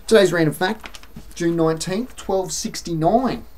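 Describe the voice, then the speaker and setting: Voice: medium pitch, unhurried, a little mellow, a little hiss or hum. An Australian-accented vlogger delivering an exasperated, sarcastic opinion rant to camera, with mocking asides.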